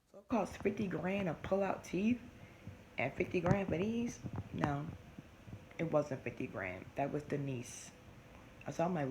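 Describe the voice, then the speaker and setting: A woman, chatting animatedly to camera and often restarting her sentences. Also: low voice. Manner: animated, talks fast with many restarts. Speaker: vlogger. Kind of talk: casual chat to camera. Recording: noisy home recording.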